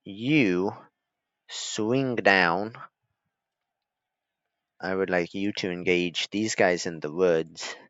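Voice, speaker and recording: A man's voice: low-pitched, very slow, pauses often, a bit bright, dry recording. A man giving laid-back, chuckling, self-deprecating commentary as he plays a strategy game. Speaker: gaming streamer. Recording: slightly dull lo-fi recording.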